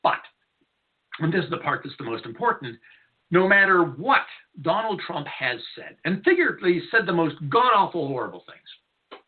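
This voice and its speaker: A man with a fairly high, sing-song voice hosts a talk radio show, delivering a blunt, irreverent, rambling monologue from a studio at a moderate pace. The audio is narrow, tinny and lo-fi.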